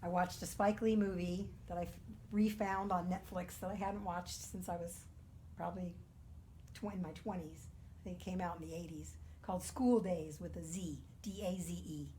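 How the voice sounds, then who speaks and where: A woman minister giving a gentle, earnest spiritual talk, sometimes dropping to a soft near-whisper. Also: lowish voice, steady tone, moderate pace, slight background noise.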